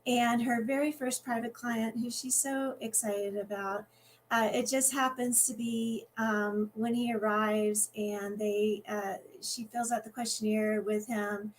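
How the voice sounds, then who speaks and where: A woman's voice: fairly high pitch, steady tone, slight background noise, low-quality recording. Woman author reading her novel. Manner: conversational, halting setup before the reading.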